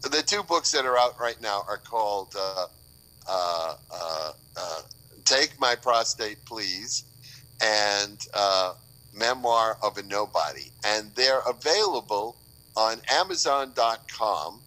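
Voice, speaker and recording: A bright-toned older man from Boston talks in a loose, rambling way, full of restarts and quick jokes. He chats casually as a guest on a remote call. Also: lowish voice, expressive, low-quality recording. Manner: rambling, joking, many restarts. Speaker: author guest. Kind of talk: casual podcast chat.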